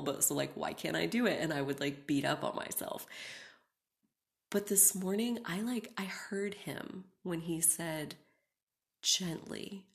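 A young woman hosting a reflective solo podcast, talking casually with many "like"s and often dropping into a soft whisper. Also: lowish voice, creaky. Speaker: podcast host.

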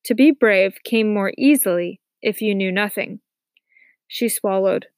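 A woman narrating a novel aloud with steady, soft-spoken storytelling. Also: mid-range voice, a little slow, dry recording. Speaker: audiobook narrator. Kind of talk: scripted narration.

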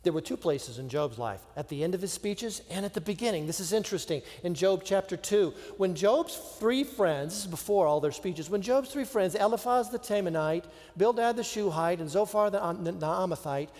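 A man preaching a sermon, with dramatic pauses and drops to a hushed voice. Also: sits high, animated, big-room sound. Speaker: pastor.

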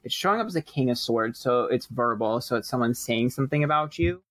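A young man reading tarot cards on a group voice call, relaxed and rambling, swearing loosely. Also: mid-range voice, brisk, no echo. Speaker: tarot reader.

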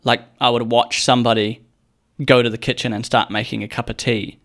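A man's voice: mid-range voice, fairly quick, vocal fry. A young man telling stories in a casual, rambling monologue, swearing freely and acting out the people he quotes. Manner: rambling and profane, with animated quoted voices.

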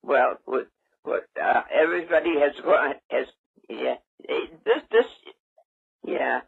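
A man's voice: mid-range voice, measured pace, creaky, slightly rough. An older man taking a phone call, hesitant and rambling, repeating words and asking the caller to speak up on a muffled line. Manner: hard of hearing, asks to speak louder. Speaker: prank call target. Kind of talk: confused phone conversation.

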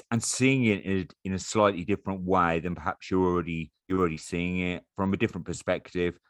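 A male podcast host with a fairly low voice talks in a loose, chatty way. He teases his co-host and often restarts his sentences as he goes. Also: a bit bright. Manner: chatty and teasing, with frequent restarts. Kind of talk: casual chat.

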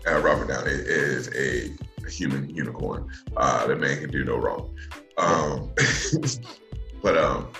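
A man's voice: extremely low pitch, takes it slowly, creaky, long pauses, bright, forceful tone, reverberant, soft background music. An American man chatting casually and joking, with many "like" fillers. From United States. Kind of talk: casual comedic chat.

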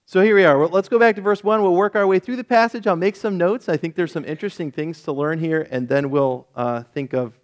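A male pastor giving a casual Bible-teaching sermon in a relaxed, self-correcting way with light jokes, and reading scripture aloud with rising emphasis. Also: high-pitched, fairly quick, few pauses.

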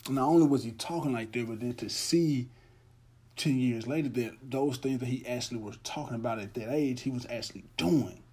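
Young guy podcasting solo, mellow low-toned voice, earnest and heartfelt, keeps restarting his sentences. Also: fairly quick, slightly rough. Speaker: podcast host. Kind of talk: casual monologue.

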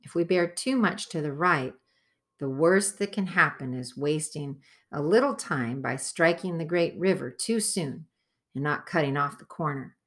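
Casting: level-headed teenage boy leader, read by a woman, slow, bright tone. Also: sits low, expressive. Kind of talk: audiobook character voice.

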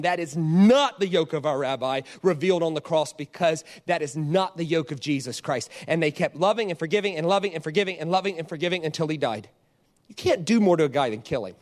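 A man in his forties delivers a lively sermon built around a personal story. His voice sits fairly high and swings widely in pitch as he acts out scenes and quoted lines. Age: 40s. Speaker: pastor.

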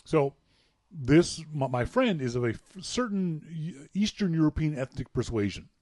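This podcast co-host from Canada, speaking at a moderate pace in a slightly high voice, is recorded dry. Telling stories in a casual chat, he's animated and playful, often laughing at what he's telling.

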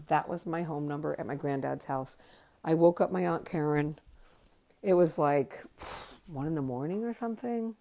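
Her voice is deep, creaky, and warm, moving at a normal speed. She's a weary woman in her fifties from Connecticut, telling a rambling personal story on her podcast, full of thinking aloud and plenty of swearing.

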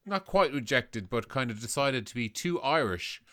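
Smooth-voiced easygoing man. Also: medium pitch, expressive, normal speed, sharp tone. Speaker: comedy podcast regular. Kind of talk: casual chat.

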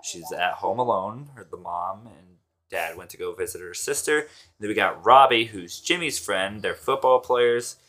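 A man's voice: on the low side, expressive, moderate pace, fairly bright tone. A man co-hosting a casual movie review podcast, recapping the plot loosely with swearing and laughter. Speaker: podcast co-host.

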